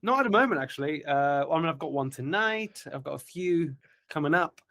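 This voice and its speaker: A man's voice: on the high side, animated, a little fast, bright, forceful tone. A man with a British accent, chatting as a podcast guest comedian, self-mocking and laughing often. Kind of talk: casual podcast chat.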